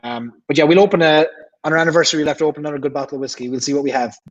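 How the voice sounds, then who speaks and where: An Irish man hosts a casual livestream at a racing pace, chatting and reading viewer comments aloud while often repeating himself. His voice is fairly high, and the highs are cut off in the recording.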